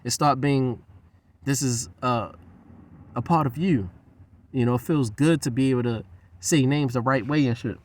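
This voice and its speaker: A man's voice: medium pitch, normal speed, pauses often. A man talking in a loose, profane, rambling monologue. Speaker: host.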